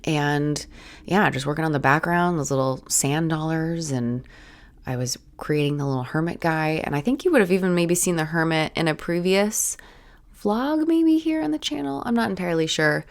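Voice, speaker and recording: A young woman talks over her art footage in a relaxed, rambling way, full of little restarts and "like"s. Her voice is low and raspy from a head cold. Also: moderate pace. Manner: rambling, casual, many "like"s and restarts. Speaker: art channel host.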